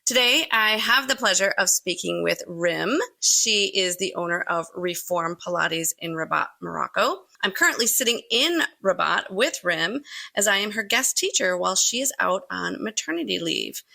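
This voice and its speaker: A woman's voice: medium pitch, expressive, moderate pace, gravelly, pushed and bright. A woman hosting a podcast who chats enthusiastically with her guest and agrees often. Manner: enthusiastic, chatty, lots of agreeing. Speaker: podcast host, Pilates teacher. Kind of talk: conversational interview.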